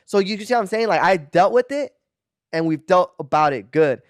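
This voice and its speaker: Animated man on a podcast, fairly high voice. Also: fast, smooth, dry recording, studio quality. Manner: animated, defensive, mixes in Spanish words. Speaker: podcast co-host. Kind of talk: casual chat. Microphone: podcast studio mic.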